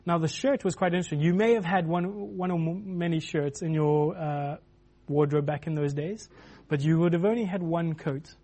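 A man's voice: a little high, normal speed, few pauses, mellow. A man preaching a sermon in a loose, conversational way, with many restarts and filler words.

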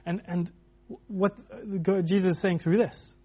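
A man's voice: high voice, steady tone, measured pace, a little mellow, husky. A man preaching a sermon in a loose, conversational way, with many restarts and filler words.

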